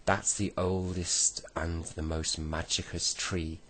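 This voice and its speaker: A small, polite bearded brownie from a bedtime story, speaking in a courteous, formal way, as a male reader puts him on. The voice is deep and slow, with faint ambience behind it. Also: level tone, a bit bright, a little hiss or hum, heavily acted. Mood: grateful.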